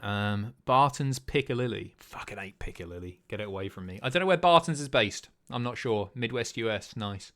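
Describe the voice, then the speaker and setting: A man's voice: lowish voice, animated, brisk, hardly any pauses, sharp tone. A man hosting a live stream, chatting casually, swearing and guessing aloud as he reads chat. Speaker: streamer host.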